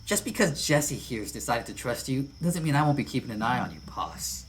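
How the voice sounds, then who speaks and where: A man doing a gruff, wary pine marten biker. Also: mid-range voice, sing-song, a little fast, a little hiss or hum, voice pushed up, natural voice. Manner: gruff, curt and distrustful. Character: short lanky skeptical male pine marten biker.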